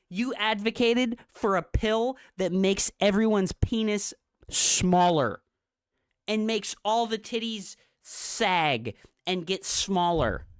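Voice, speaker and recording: A woman's voice: medium pitch, smooth, no echo, studio quality. A woman game streamer on a livestream, ranting in a profane, exasperated, mocking way and repeating her jabs. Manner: mocking, repetitive. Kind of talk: livestream rant.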